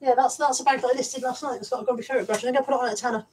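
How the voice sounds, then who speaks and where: A woman's voice: high-pitched, steady tone, very fast, darkish tone, slight background noise, low-quality recording. A middle-aged woman chatting casually on a live stream, reading out viewer comments and talking about her resale stock. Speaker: vlogger and reseller.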